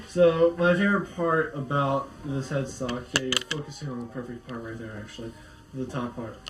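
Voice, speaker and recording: A man's voice: mid-range voice, noisy background. A man casually showing off a guitar, rambling with fillers and restarts as he talks. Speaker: guitar vlogger. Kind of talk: casual show-and-tell. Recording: echoey room, faint music.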